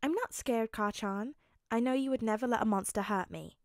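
A woman voicing a gentle, sweet-natured young man with a soft, raised voice in a fanfic audiobook reading. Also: on the high side, normal speed, no echo, clean studio sound, natural voice.

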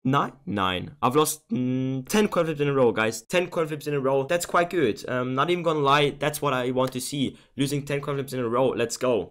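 A young man streaming his gaming, talking casually to his viewers and turning from exasperated to amused and excited. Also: medium pitch. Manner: excitable, exasperated, laughs a lot, talks to viewers. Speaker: gambling streamer.

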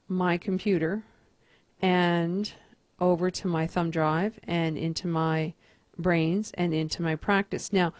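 A woman teacher calmly talking through a computer task step by step in a screen-recorded tutorial. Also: fairly low pitch, no echo, studio quality. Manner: methodical, step-by-step instruction.

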